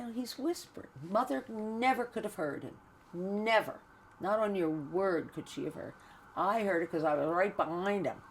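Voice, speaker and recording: An older woman recounting a family memory, emotional and halting, acting out the voices. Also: medium pitch, a little hiss or hum. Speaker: storyteller being interviewed. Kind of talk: personal family story.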